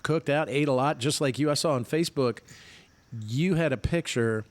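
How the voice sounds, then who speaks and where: Speaking at a moderate pace in a slightly high voice, a middle-aged podcast co-host joins remotely and chats casually, telling stories with self-deprecating humor. He's recorded on a remote podcast mic.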